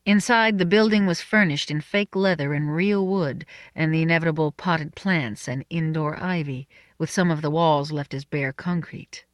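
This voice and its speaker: A narrator reading a first-person novel in a measured, soft-spoken way. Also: medium pitch, no echo. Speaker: audiobook narrator.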